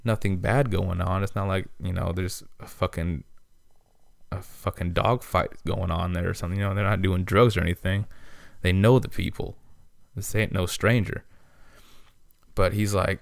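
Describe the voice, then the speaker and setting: Podcast host, male, low gravelly voice, dry close sound, swears constantly, rambling and irritated. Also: fairly even intonation, moderate pace, no room sound. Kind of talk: casual storytelling monologue.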